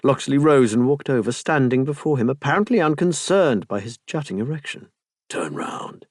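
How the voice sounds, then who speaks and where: Male audiobook reader, mid-range voice, steady narration, dry booth sound. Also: medium pitch, fairly quick, no room sound. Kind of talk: scripted narration.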